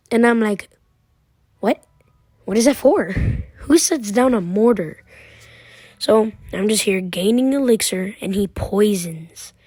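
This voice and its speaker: Young woman chatting through her game, teasing the other guy, dry close mic, normal pitch. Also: a little mellow, dry recording. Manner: playful trash-talking, self-narrating her moves. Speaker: gaming commentator. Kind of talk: casual game commentary over gameplay.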